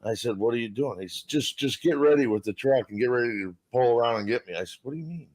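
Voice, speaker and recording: A man of middle pitch tells a rambling story on a live panel. He swears freely as he goes. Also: quick pace, a little mellow. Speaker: panel guest. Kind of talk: casual storytelling.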